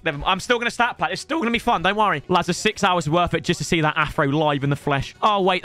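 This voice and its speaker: A young man giving excitable, joking live commentary on a football video game, often breaking into yells. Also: high voice, fast, few pauses, soft background music. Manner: excitable, joking banter with bursts of yelling. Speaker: gaming YouTuber.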